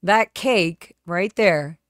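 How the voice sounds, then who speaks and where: A woman hosting her own livestream talks casually and candidly to her viewers, rambling, trailing off mid-thought, then picking the story back up. Her slightly low voice is smooth and clear, and she speaks extremely slowly. The recording is close and dry, with no room sound.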